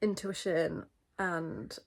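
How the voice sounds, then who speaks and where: A woman's voice: lowish voice, steady tone, extremely slow, creaky. A young woman talks casually to camera while still in bed. Her voice is a bit stuffy from a recent head cold. She rambles in a friendly way, with plenty of fillers. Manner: chatty and rambling, many fillers. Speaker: vlogger. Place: in bed, indoors.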